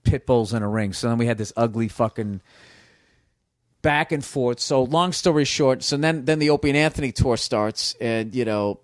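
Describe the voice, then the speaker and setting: A man telling a long story in a casual podcast chat, rambling and profane, dropping into quick impressions of other people. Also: medium pitch, no echo, clean studio sound. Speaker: comedian guest. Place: small home studio.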